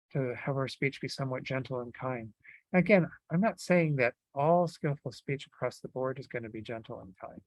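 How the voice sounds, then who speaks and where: A man gives a Buddhist dharma talk in an easygoing, conversational way, pausing on fillers and restarting phrases as he thinks. His voice sits at an ordinary middle pitch, and the recording is close and dry with no room echo. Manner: relaxed, conversational teaching with many fillers. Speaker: Buddhist teacher.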